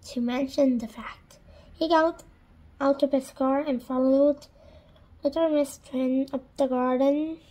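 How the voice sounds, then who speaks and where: A woman reading a children's storybook aloud in a gentle, deliberate storytelling manner. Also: sits high, poor audio. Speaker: storybook reader.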